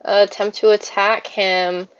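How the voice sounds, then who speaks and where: Woman game master, casual halting narration, dull lo-fi sound, dry close mic. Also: mid-range voice, clear, resonant tone, no echo. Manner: relaxed, halting narration with many fillers.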